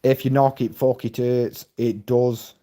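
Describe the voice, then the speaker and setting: A man's voice: medium pitch, flat delivery, measured pace, mellow. A Scottish man chatting casually on a live stream, rambling and swearing bluntly as he reads and answers viewer comments. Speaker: livestreamer.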